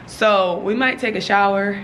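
A woman's voice: mid-range voice, unhurried, fairly bright tone. Young woman vlogger, twenties, hungover, slangy and chatty; faint noise on the track. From Los Angeles. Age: 20s. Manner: chatty, slangy, laughing often. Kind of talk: casual vlog chat. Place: hotel room.

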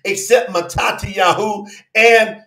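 Fervent high-voiced preacher in an echoey room. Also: male voice, fairly even intonation, measured pace. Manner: fervent, calls out to viewers by name; swings between shouting and low murmurs. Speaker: preacher hosting a live Bible study. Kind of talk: livestream sermon.

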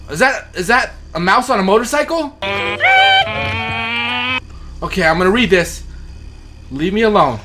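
Man, gaming host, horror let's play, high voice, jumpy, nervous mutters to yelps. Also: expressive, normal speed, pauses often, sharp tone, soft background music.

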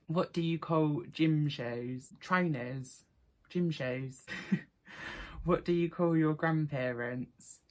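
A young adult vlogger with an Essex accent, chatting casually and reading out quiz questions in a shared house. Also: medium pitch. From Essex, England. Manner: chatty, reads quiz items aloud with local slang. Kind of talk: casual accent-tag vlog.

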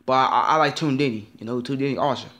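A man's voice: medium pitch, racing, a bit bright. A man ranting in a vlog, upset and rambling, repeating himself and swearing often. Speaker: vlogger.

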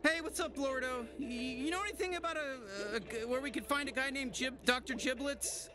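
High stammery alien gun, swears, keeps tripping over words. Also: male voice, brisk, background noise. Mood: flustered. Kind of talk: video game voice acting.

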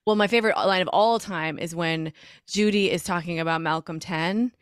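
A woman's voice: on the low side, normal speed, smooth, no echo, clean studio sound. A woman on a panel, chatting casually and enthusiastically about favorite lines. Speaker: cast member on a panel. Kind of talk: casual chat.

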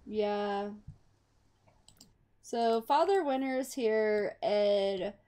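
A young woman chatting over a life-sim game, excitable, exclaiming and laughing at what happens on screen. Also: medium pitch, very slow, a little hiss or hum. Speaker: gaming YouTuber. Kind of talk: casual game commentary.

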